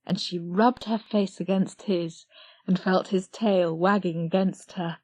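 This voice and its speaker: A woman narrating a children's storybook audiobook in a gentle, expressive reading. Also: on the low side, measured pace, no room sound.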